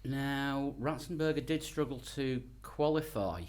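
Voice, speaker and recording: A man's voice: mid-range voice, unhurried, a little mellow. A man co-hosting a casual podcast and reading out listener emails, hesitant with many ums and self-deprecating. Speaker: podcast co-host, reads the mailbag.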